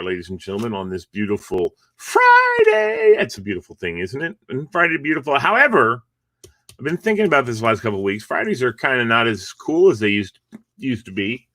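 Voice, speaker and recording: Sounding like he just woke up, a middle-aged man rambles through a casual morning encouragement stream from his home, yawning and tossing in chuckled asides. His mid-range voice is bright and forceful, captured dry with studio quality.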